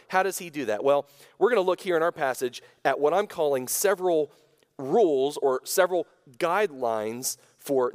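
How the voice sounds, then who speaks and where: A man's voice: on the high side, big-room sound. A man preaching a sermon as pastor, talking in a conversational way, often restarting phrases and then leaning hard on key words. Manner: conversational, self-correcting, lively emphasis. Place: church sanctuary.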